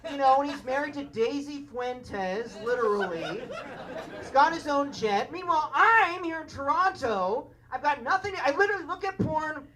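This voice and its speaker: On a club stage, a stand-up comedian does his set in an awkward, rambling, confessional way. His voice is extremely high, pushed and bright. It's a live club recording with a crowd, and audience laughter fills the background.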